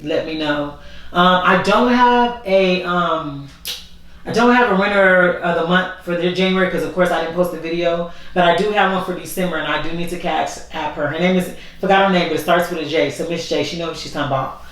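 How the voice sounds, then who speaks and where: A little fast and a bit bright, a woman with a lowish voice rambles through a sincere, casual vlog, repeating herself as she opens up. With the camera not working, it's voice only, recorded distantly in a very echoey room.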